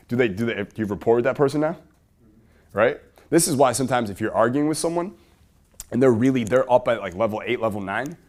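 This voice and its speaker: A man teaching a workshop to a live audience in a room, energetic and asking the audience questions. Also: mid-range voice. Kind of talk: live seminar talk to an audience.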